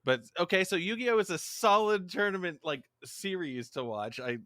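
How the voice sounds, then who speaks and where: A man's voice: sits high, animated, moderate pace, pushed and bright, no echo, studio quality. A man hosting a podcast, chatting casually in a rambling, self-deprecating way and laughing often. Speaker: podcast host. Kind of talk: casual chat.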